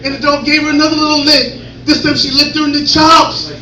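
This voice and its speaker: A man doing an open-mic stand-up set, animated and acting out voices and drill chants. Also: very high-pitched, fairly quick, noisy background. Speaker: stand-up comedian. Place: comedy club stage. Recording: roomy club sound from a distance.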